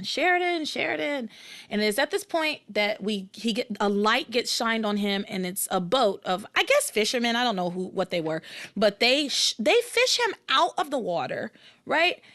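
A woman's voice: mid-range voice, measured pace. A woman hosting a podcast, recapping and ranting in casual chat with lots of restarts. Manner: animated, exasperated, rambling with restarts. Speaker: podcast host.

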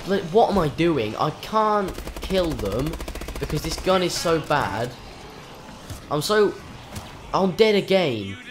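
A man talking through his gameplay live, swearing freely and breaking into panicked yelps. His voice sits a little high for a man, and his delivery is slow and drawn out. A faint hiss of noise stays under the voice. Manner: swears often, frustrated outbursts and panicked yelps. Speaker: gaming channel host.

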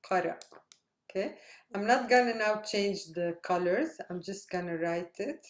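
A woman teaching a language lesson, spelling out syllables slowly and checking in with "right?". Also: medium pitch. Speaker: Arabic teacher. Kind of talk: slow explanatory lesson. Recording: echoey room.

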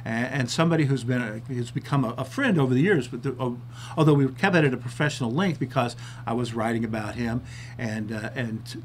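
A man's voice: mid-range voice, slight background noise. A man hosting his own TV talk show, chatting casually and a bit self-deprecatingly, sometimes out of breath. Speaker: TV show host.

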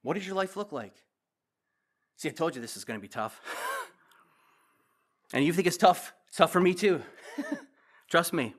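A man's voice: a little high, wildly swooping pitch, unhurried, pauses often, breathy edge. A man preaching as a pastor, teaching verse by verse and asking the congregation direct questions.

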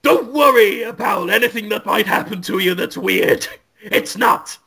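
Hammy gruff older lawyer, shouted catchphrases, bright tense tone; a man putting it on. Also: sits high, lively intonation, moderate pace, exaggerated voice. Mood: blustering. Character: loud gruff older male lawyer, blustering.

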